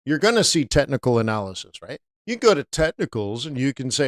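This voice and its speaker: A man's voice: medium pitch, sing-song, fairly quick, hardly any pauses, no echo, clean studio sound. A man teaching forex trading on a live stream, talking casually and answering viewers by name.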